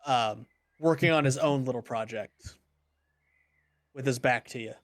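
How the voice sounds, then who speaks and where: Halting male game master narrating a scene. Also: mid-range voice, dry recording. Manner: halting, many ums and restarts; refuses to do character voices.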